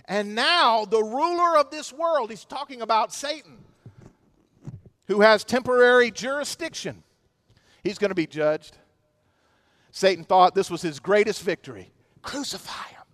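High-voiced man preaching a fervent sermon. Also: lively intonation, measured pace, long pauses. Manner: dramatic preaching, rising to near-shouts on quoted lines. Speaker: pastor.

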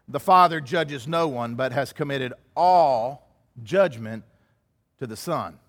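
High-voiced preacher in a reverberant hall. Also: male voice, a bit bright. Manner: earnest, rising to emphatic peaks. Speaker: pastor. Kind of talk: expository sermon.

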